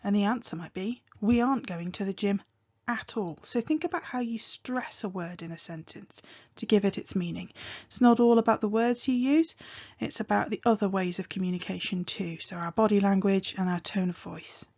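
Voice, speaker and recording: A woman teaching a language lesson, patiently explaining and modeling phrases slowly and clearly. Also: medium pitch, darkish tone, dull audio. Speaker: Welsh teacher.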